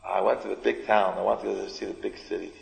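A man playing a simple-minded young village man who talks in a plain, halting, matter-of-fact way, as part of a sermon story. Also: low-pitched, little pitch movement, creaky, pitched below the performer's own voice. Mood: earnest, simple. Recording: echoey hall, dull lo-fi sound.

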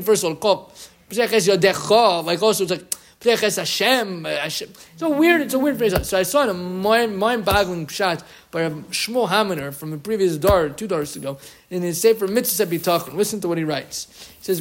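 A man giving a lively Torah lesson to a room of listeners, quoting Hebrew sources with emphatic rises. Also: high-pitched. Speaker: rabbi teaching a class. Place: room with an audience.

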